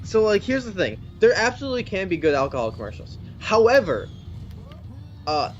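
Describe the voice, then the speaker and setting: A man's voice: high voice, very animated, brisk. A young man chatting casually while his friend plays a video game, rambling with restarts and self-corrections. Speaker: co-host of a gameplay channel. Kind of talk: casual chat. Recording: slightly dull lo-fi mic with game music. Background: faint game music.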